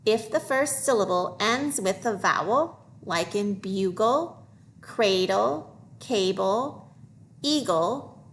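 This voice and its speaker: A woman teacher leading a phonics lesson for young children, modeling each word slowly and clearly. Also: medium pitch, slight background noise. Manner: slow, deliberate modeling of words for young learners.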